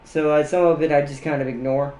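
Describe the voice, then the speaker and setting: A man's voice: fairly high pitch, steady tone, brisk, darkish tone. Rambling, giggly man in an echoey room. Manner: rambling, laughs often at his own jokes. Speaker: streamer. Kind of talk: casual livestream chat.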